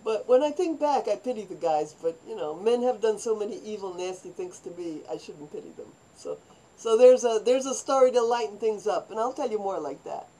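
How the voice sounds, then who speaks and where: A woman's voice: mid-range voice, animated, a little fast, mellow, rough recording. An older woman recounting her own life to camera in a loose, rambling monologue. She drifts between asides and throws herself into the voices of people she quotes. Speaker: vlogger telling her life story. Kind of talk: personal storytelling monologue.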